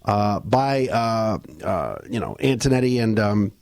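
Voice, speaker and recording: Man, sports podcast host, lively pitch, rambling chatty manner, dry close sound. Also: measured pace, no echo. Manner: animated, rambling, many restarts and fillers. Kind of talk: casual sports chat.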